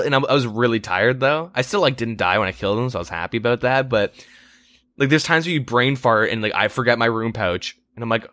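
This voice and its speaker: A man's voice: medium pitch, quick pace, fairly bright tone, dry recording. A man co-hosting a casual gaming podcast, telling a long rambling story with lots of swearing and exasperated asides. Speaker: podcast co-host.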